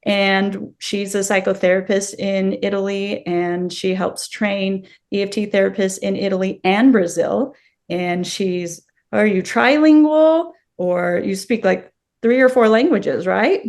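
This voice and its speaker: A woman from the United States hosting a casual podcast interview over a video call, bubbly and quick to laugh. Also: mid-range voice, darkish tone. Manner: bubbly and enthusiastic, laughs often. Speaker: podcast host.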